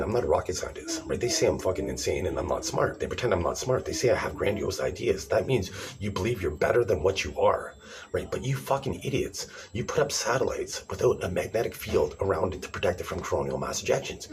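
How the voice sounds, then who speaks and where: A man ranting in a rambling, sarcastic, profane monologue to camera, calling people idiots. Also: low-pitched. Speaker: vlogger.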